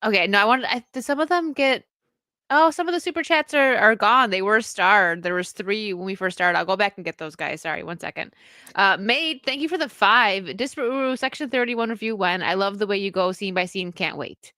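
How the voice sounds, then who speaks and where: Female stream host, bright tense tone, brisk, dry close mic. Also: medium pitch, no room sound. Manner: brisk, reads out donations. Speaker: stream host reading super chats. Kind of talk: casual livestream chat.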